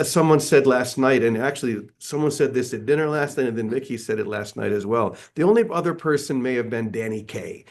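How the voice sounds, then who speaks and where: A middle-aged man leading an online spiritual session in a casual, earnest way, often restarting his words. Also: medium pitch. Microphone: video call.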